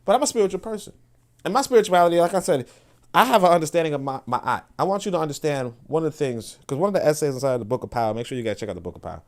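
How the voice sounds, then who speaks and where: A man's voice: on the high side, animated, racing. A man, hosting a podcast in a blunt, profane, casual monologue that often restarts and repeats words. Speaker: podcast host.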